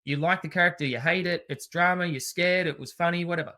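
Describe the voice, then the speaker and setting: A man, a home education teacher talking as a podcast guest in an animated, storytelling way. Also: high-pitched, fast. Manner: animated storyteller, acts out scenes. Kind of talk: podcast interview.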